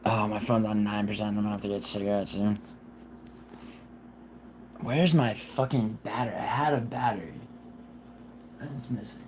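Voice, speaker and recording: A man who is sick, with a raspy voice, chatting casually on a livestream in a rambling, profane way. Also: on the low side, steady tone, moderate pace, long pauses, darkish tone, a little hiss or hum, low-quality recording. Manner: rambling, profane, restarts often. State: sick, rough voice. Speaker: livestream host.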